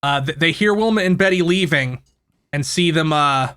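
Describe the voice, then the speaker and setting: Bright-voiced man retelling a plot. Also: on the high side, moderate pace, clear, resonant tone. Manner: rambling plot retelling with swearing and laughs. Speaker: podcast host, main recapper. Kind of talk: casual movie recap chat.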